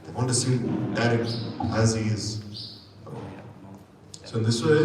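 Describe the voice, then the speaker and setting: A spiritual teacher gives a scripture lecture, explaining at length and tossing in tag questions. His voice is mid-range with a darkish tone, captured from far off in an echoey hall with faint noise.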